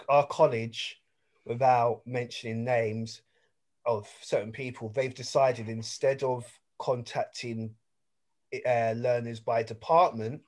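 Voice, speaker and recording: A man's voice: mid-range voice, a little mellow. A young English man hosting a podcast, chatting casually and rambling through stories with lots of fillers. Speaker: podcast host. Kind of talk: casual chat.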